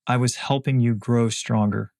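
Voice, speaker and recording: A man voicing Jesus in a calm, gentle, reassuring way. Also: mid-range voice, moderate pace, gravelly, a little hiss or hum, lightly acted. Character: calm, gentle male Jesus speaking comfort.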